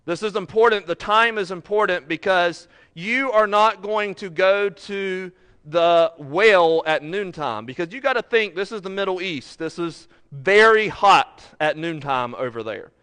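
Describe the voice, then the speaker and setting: A man's voice: high voice, expressive, unhurried, sharp tone, clean tone. A male pastor preaching a sermon, earnest and building to emphatic, repeated phrases.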